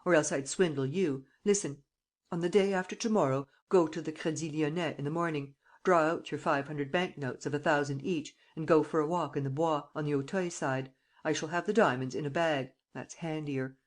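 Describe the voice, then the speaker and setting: A woman reading an audiobook, voicing a suave, teasing male gentleman thief who gives brisk commands. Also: low voice.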